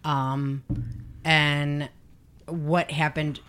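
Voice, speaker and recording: A woman with a notably low voice chatting casually as a podcast co-host. She is blunt and swears freely, and she gets animated when she retells a story. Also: very slow. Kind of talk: casual chat.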